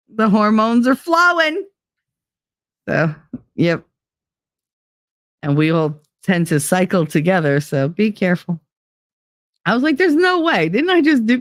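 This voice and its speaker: A woman hosting a live stream, chatting casually and reading out viewer comments in a blunt, profane way, her pitch swinging up and down. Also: no room sound.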